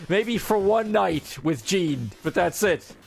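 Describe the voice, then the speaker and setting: Excitable high-voiced male gamer. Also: takes it slowly, creaky. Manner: excitable, joking, swears freely, puts on character voices. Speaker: gaming streamer. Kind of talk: casual gameplay commentary. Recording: faint game music behind.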